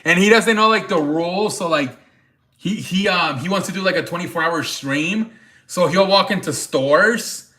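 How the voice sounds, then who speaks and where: Bright-voiced man hosting a livestream. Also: high voice, moderate pace. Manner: loose, profane, laughing, greets chatters. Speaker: livestream host. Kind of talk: casual livestream chat.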